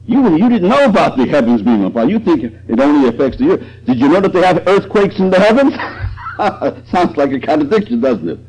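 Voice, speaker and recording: A man's voice: on the high side, big pitch swings, moderate pace, darkish tone, husky. A man preaching a sermon, with chuckling asides and emphasis that swells and drops. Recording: dull lo-fi recording.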